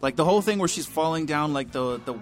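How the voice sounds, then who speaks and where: A man's voice: fairly high pitch, expressive, quick pace, faint music behind. A man co-hosting a casual movie-review podcast who explains his views earnestly, rambling with many qualifiers. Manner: earnest, rambling, hedging with fillers. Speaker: podcast co-host.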